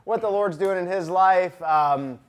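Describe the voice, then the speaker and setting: A man hosting a school podcast, upbeat and chatty and quick to laugh. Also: high voice, clean tone. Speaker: school ministry director and podcast host. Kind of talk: casual interview.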